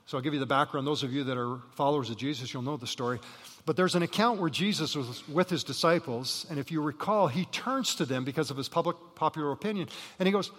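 A man preaching a sermon as pastor, telling Bible stories with lively acted voices and saying he has jet lag. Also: fairly high pitch. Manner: animated storytelling, acting out Bible figures with rising voice. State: jet-lagged. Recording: reverberant hall.

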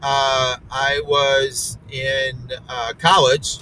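A man's voice: medium pitch, flat delivery, extremely slow, sharp tone, far from the mic, a little hiss or hum, low-quality recording. A middle-aged man telling a long story in casual chat, rambling with fillers and restarts.

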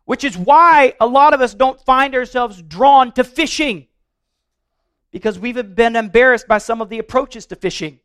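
High-voiced man preaching a sermon. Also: normal speed, fairly bright tone, clean tone. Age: adult, married. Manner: earnest and conversational, with playful humor and frequent word repeats. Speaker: pastor.

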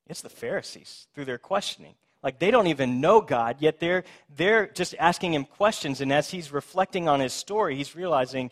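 Animated preacher acting out the story. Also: male voice, a little high. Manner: animated, acts out the voices in the story with sarcastic emphasis; conversational, self-described as a bit of a smart aleck. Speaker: pastor. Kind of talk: sermon.

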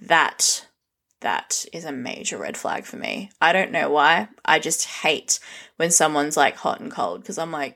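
A woman's voice: sits low, lively intonation, measured pace, vocal fry, bright, forceful tone. A young woman vlogging, giving a blunt, frank rant full of swearing. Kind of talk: casual rant to camera.

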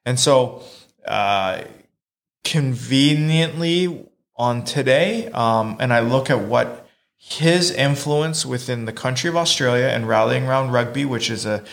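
Gravelly man musing. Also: mid-range voice, unhurried. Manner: thoughtful, repeats himself while building a point. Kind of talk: casual chat.

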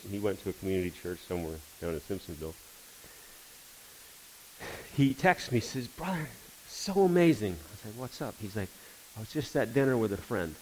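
Man giving a church testimony, slightly deep voice, storytelling with acted-out dialogue. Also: a little hiss or hum, rough recording. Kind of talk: testimony sermon.

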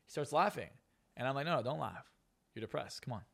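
A man's voice: mid-range voice, lively intonation, fast talker, creaky, a bit bright. A man who is a hypnotist and coach, guest on a podcast interview, talking bluntly and profanely with lots of emphasis.

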